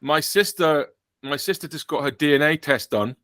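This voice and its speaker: Bright-voiced joking British podcast host. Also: male voice, on the high side, normal speed, no echo. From Britain. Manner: joking, rambling with self-corrections. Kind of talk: casual chat.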